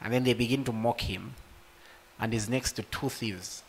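A man preaching a sermon to a congregation, rising to loud emotional peaks and speaking directly to his listeners. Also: mid-range voice, moderate pace, vocal fry, slight background noise. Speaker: pastor.

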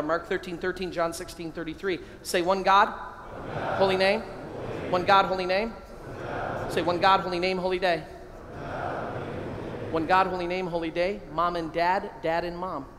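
A middle-aged priest giving a lively keynote talk to a crowd of men, calling out phrases for them to repeat. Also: male voice, sits high, normal speed. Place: large hall. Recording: long hall reverb, faint ambient noise.

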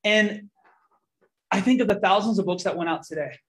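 A young man giving a testimony in a church, telling his story with lively quoted dialogue. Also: sits high, normal speed. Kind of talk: testimony sermon.

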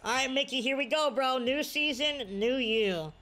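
Excitable woman gamer, high voice. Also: moderate pace. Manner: excitable, hypes up and scolds her players. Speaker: gamer commentating her own play. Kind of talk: casual gameplay commentary.

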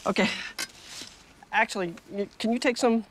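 A man with a high voice talks in an eager, literal-minded way, always a step behind. Faint noise sits under his voice. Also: normal speed. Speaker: comic ghost hunter. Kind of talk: improvised comedy sketch.

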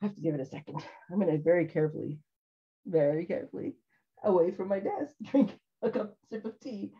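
A woman's voice: fairly low pitch, a little fast, breathy edge, lo-fi sound. A woman hosting a casual live craft demonstration from her home craft room, chatty and rambling, laughing often. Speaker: craft show host.

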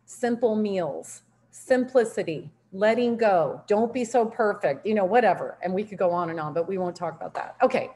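A middle-aged woman giving a motivational training talk on network marketing, telling stories in an upbeat, animated way with frequent laughter. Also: medium pitch, moderate pace.

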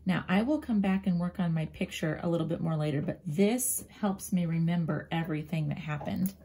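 A woman teacher slowly and gently walking young pupils through a writing lesson, often dropping into a soft near-whisper as she draws and spells. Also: on the low side, creaky, slight background noise. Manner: slow, gentle, talks directly to young pupils. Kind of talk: children's writing lesson, drawing and thinking aloud.

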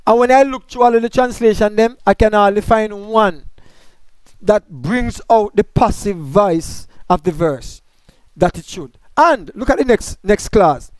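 A man's voice: high-pitched, a little slow, clean tone, no echo. A man teaching a Bible study, explaining grammar point by point and asking questions that he answers himself.

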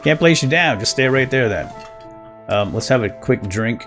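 A man giving casual, chatty commentary while playing a survival game, getting excited over small wins and chuckling often. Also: medium pitch, normal speed, faint music behind. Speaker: let's play gamer.

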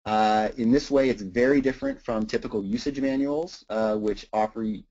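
A man's voice: fairly low pitch, moderate pace, a little mellow. A man giving an academic talk on teaching writing, thinking aloud with many "uh"s and repeated words. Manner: frequent "uh" and repeated words, thoughtful. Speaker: lecturer. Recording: dull lo-fi recording.

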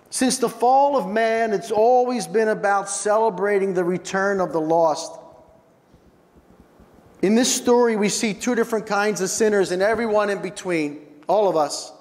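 Slow, high-voiced preacher in a reverberant church. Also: male voice, darkish tone. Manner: earnest, slow, rising emphatic delivery. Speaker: pastor. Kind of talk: sermon. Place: church sanctuary. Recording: long church hall reverb.

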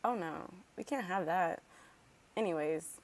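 A woman with a fairly low voice hosts a let's play, speaking unhurriedly with no echo. Animated and casual, she rambles through the gameplay with lots of filler words and talks back to the game characters.

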